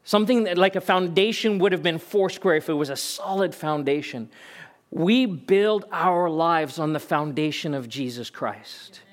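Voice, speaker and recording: A man's voice: a little high, normal speed. A male pastor preaching a sermon in an emphatic, conversational way, asking rhetorical questions.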